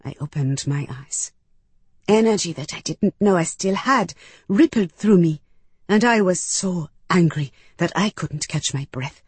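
A woman's voice: lowish voice, expressive, a little slow, darkish tone, breathy edge, no room sound. A woman narrating a story in the first person, with intimate, emotional delivery and acted dialogue. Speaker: audiobook narrator.

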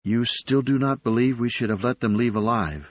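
A man voicing a calm, thoughtful young female alien commander in an audiobook, speaking in a measured, gentle way. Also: mid-range voice, dry recording, voice pushed up, natural voice. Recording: slightly dull recording.

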